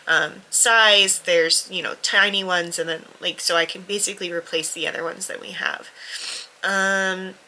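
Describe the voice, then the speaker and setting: Young female book vlogger, stuffy-nosed, bright edge to the voice, candid and self-deprecating, near-whispers at times. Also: lowish voice, rough recording. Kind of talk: casual vlog talk to camera.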